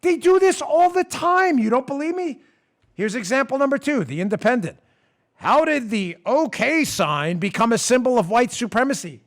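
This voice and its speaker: A man's voice: very high-pitched, animated, normal speed. A man hosting a political talk show, sarcastic and exasperated, ranting and mocking as he goes. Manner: ranting, getting louder. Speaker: podcast host. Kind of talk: political commentary.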